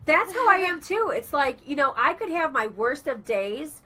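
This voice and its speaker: Bright, chatty woman radio host. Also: sits high, moderate pace. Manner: chatty, animated storytelling with acted-out quotes. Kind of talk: casual talk radio chat.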